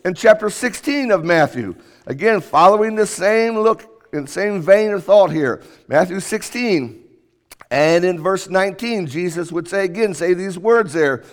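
High-voiced man preaching in a reverberant hall. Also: expressive, unhurried. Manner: emphatic, rising and falling sharply for emphasis. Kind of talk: sermon. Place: church auditorium. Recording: long reverb of a church hall.

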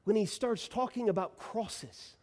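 A man's voice: sits high, measured pace, darkish tone. A man preaching a sermon, reading Scripture and building to emphatic, rising bursts. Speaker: pastor.

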